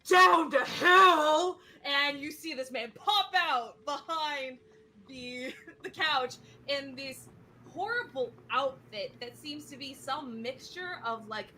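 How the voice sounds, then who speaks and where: A woman's voice: sits high, lively intonation, slow pace, sharp tone, a little hiss or hum. A woman narrating as game master of a tabletop game, describing scenes in a chatty way with many fillers.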